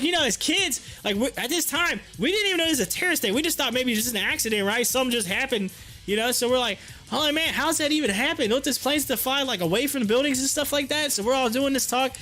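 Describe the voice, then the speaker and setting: Brief: man in his thirties, very high, bright voice, rambling casual story, faint music under. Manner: rambling, repeats words, many fillers. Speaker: live stream host.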